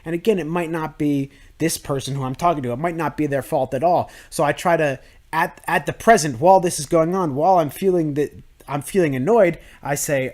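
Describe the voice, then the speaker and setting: A man's voice: on the high side, a little fast, darkish tone. Rambling young man, self-help podcast. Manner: rambling, with many restarts and fillers. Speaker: podcast host. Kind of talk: reflective self-help monologue.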